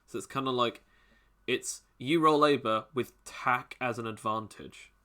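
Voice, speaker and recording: A man's voice: medium pitch, unhurried, bright, forceful tone. A man running a tabletop game as game master, rambling and restarting as he makes rulings.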